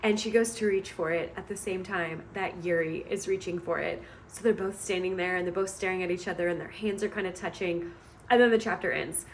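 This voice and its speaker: A woman's voice: fairly low pitch, fairly even intonation, brisk, a little hiss or hum. A woman book vlogger retelling a story she is reading, in a chatty, amused way with many hedging asides.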